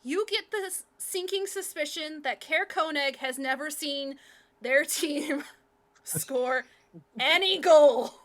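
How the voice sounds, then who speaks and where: A woman running a live tabletop game as game master, telling the action in an excitable, laughing way. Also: sits high, slow.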